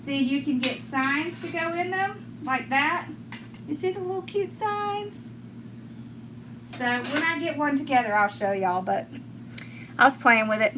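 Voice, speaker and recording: A woman's voice: sits high, expressive, unhurried, noisy background. A middle-aged woman with a Southern accent from rural Georgia, chatting with viewers as she demonstrates a craft, laughing often and thanking people by name. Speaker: craft tutorial host.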